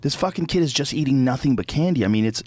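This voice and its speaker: A man's voice: medium pitch, expressive, fast talker, a little mellow, husky, no room sound. Middle aged guy ranting on a podcast, swears a lot, dry close mic. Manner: profane, heated, repeats himself when worked up. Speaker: podcast host. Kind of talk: casual storytelling rant.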